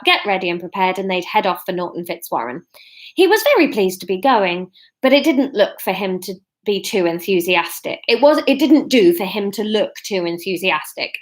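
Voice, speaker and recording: A woman in her thirties reads her own novel on a live stream from her living room, speaking at a medium pitch. She's self-deprecating and quick to laugh at herself.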